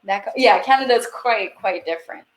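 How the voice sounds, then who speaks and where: A woman's voice: medium pitch, normal speed. Upbeat woman teaching a live class. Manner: upbeat, chatty, reads viewer questions aloud. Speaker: French teacher.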